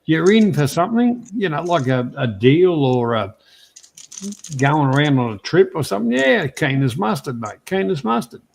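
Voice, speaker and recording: A man's voice: on the high side, very animated, moderate pace, creaky. An Australian man in a casual podcast chat, laid-back and full of slang.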